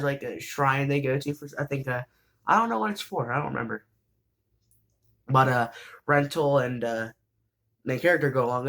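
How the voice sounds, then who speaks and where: A man with a medium-pitched voice casually recaps an anime, rambling along with plenty of fillers and restarts. Every so often he breaks into bursts of excitement.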